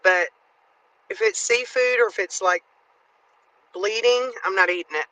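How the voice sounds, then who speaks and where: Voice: mid-range voice, measured pace, pushed and bright, dry recording, poor audio. A speaker, chatting bluntly and telling stories on a live online call. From Nashville, USA. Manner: blunt, outspoken, storytelling. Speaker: guest in a live audio chat. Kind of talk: casual chat.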